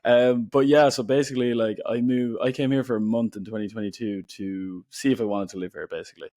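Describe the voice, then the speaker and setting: A young Irish man, a podcast guest, telling a story in a relaxed, chatty way with lots of fillers. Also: medium pitch, fairly quick, no room sound, studio quality. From Ireland. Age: young adult. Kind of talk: casual storytelling.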